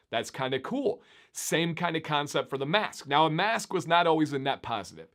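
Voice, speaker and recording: A man chatting upbeat and animated to his viewers in a casual vlog. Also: fairly high pitch, normal speed. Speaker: beard YouTuber. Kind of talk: casual vlog talk to camera.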